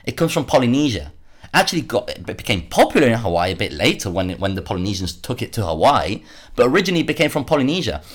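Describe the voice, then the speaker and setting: A man's voice: medium pitch, big pitch swings, quick pace. A man hosting a solo commentary podcast, worked up and sarcastic, often repeating words as he rants. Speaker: podcast host.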